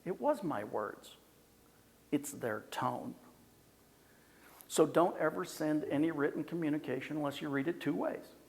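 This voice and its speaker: A man in his sixties with a rather high, gravelly voice delivers a seminar talk on communication. He is lively and playful, slipping into quoted voices to make his points. His voice rings with the long reverb of a large hall. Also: measured pace, long pauses. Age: 60s. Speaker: communication speaker.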